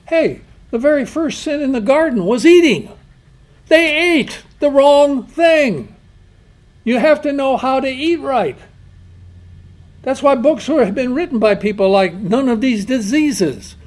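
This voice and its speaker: A man's voice: high-pitched, a little mellow. A man preaching a sermon, emphatic, asking rhetorical questions and quoting God and scripture.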